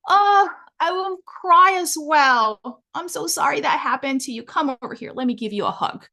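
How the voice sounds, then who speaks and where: A woman putting on a high, impatient Mexican mom. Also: animated, normal speed, sharp tone, heavily acted. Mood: soothing. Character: hurried, exasperated Mexican mother scolding her young daughter.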